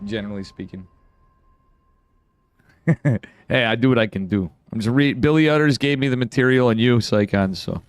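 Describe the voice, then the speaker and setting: A man with an upstate New York accent giving casual live commentary on a strategy game, swearing now and then and bursting into excited outbursts. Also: medium pitch, moderate pace, long pauses, clear, resonant tone. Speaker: esports caster.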